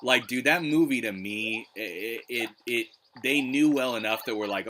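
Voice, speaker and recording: A man's voice: mid-range voice, moderate pace, hardly any pauses, bright, forceful tone, slight background noise. A man streaming retro gameplay live, rambling in casual chat and swearing freely. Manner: rambling, swears, lots of restarts. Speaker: gaming streamer.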